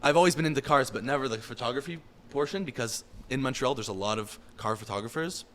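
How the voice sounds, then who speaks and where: A man, a street photographer guest on a podcast, talking quickly and excitedly with many restarts. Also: medium pitch, a little hiss or hum. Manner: fast, excitable, restarts often. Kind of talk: casual podcast chat.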